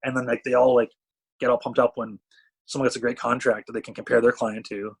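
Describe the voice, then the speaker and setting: A man from Canada tells stories on a podcast at a rapid clip, his voice slightly husky. He's animated and acts out what everyone said, hopping between quoted voices in casual chat. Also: medium pitch. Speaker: talent management CEO, podcast guest.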